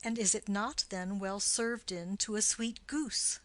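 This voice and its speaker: A woman's voice: mid-range voice, fairly even intonation, measured pace, a bit bright, no room sound, lightly acted. A woman reading a bantering young lover. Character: lovesick young male nobleman, quick at wordplay.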